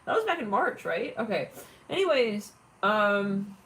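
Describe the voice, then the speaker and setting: A woman's voice: medium pitch, sing-song, measured pace, a bit bright. A woman giving a casual tarot reading, chatty and giggly, often acting out imagined callers. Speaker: tarot reader.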